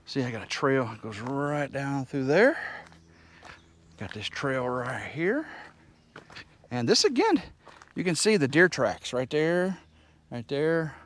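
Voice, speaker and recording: A man's voice: mid-range voice, big pitch swings, slow pace, pauses often, fairly bright tone. A man giving a rambling, folksy walking tour of his wooded homestead and teasing his rooster along the way. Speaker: homestead vlogger. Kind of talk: casual walk-and-talk tour.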